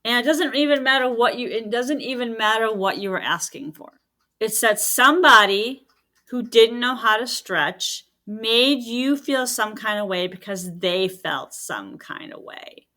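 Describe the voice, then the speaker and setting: A woman's voice: fairly high pitch, lively intonation, measured pace, sharp tone. A middle-aged woman talking as a podcast guest, a medium and healer who chats casually and acts out quoted dialogue as she tells stories.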